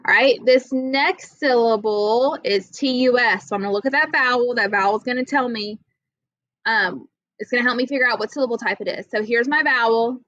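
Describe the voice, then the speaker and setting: A woman's voice: on the high side, fairly bright tone, no room sound. A woman teaching children a reading lesson, explaining patiently step by step and checking in with "okay?". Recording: dull lo-fi audio.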